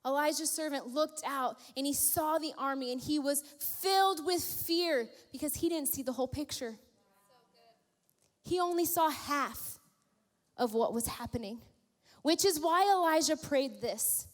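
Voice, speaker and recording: A woman pastor preaches with a high voice, leaning into playful storytelling. She takes her time and drives points home with emphatic repetition. A long reverb from the church hall hangs after each phrase. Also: a little slow. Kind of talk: sermon.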